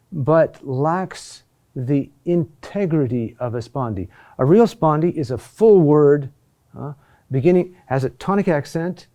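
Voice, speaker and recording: Slow-talking guy teaching chant, mellow voice, keeps going "huh?". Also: fairly high pitch. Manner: slow and explanatory, checks in with "huh?". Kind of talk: recorded lesson on Latin chant.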